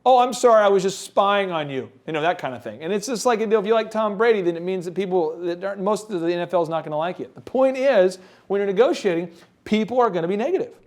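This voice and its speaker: A man in a casual business podcast chat with a fairly high voice that climbs and falls as he tells jokey stories. He is animated and self-deprecating, often dropping into quick impressions of the people he describes. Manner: animated storyteller, acts out other people's voices.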